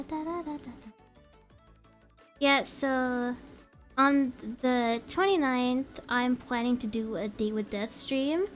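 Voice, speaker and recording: A woman's voice: sits high, a bit bright. A young woman chatting on a live stream in a bubbly, giggly, rambling way. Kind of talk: casual live-stream chat.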